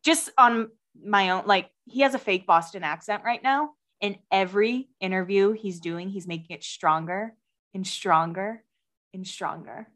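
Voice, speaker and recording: A woman's voice: medium pitch, measured pace, a bit bright. A woman co-hosting a podcast in casual chat, chatty, laughing easily and swearing freely. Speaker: podcast co-host.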